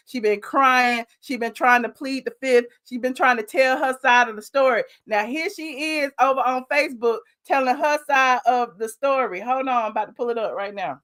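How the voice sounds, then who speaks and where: A woman's voice: a little high, fairly bright tone. A woman hosting a commentary show, reacting bluntly and sassily to a viral video. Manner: blunt, sassy and outspoken.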